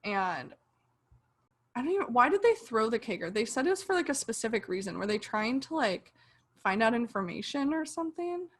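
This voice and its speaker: A woman's voice: fairly high pitch, very animated, fairly quick. A young woman co-hosting a podcast, animatedly retelling a TV episode and acting out her own reactions. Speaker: podcast co-host. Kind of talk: casual chat reviewing a TV show.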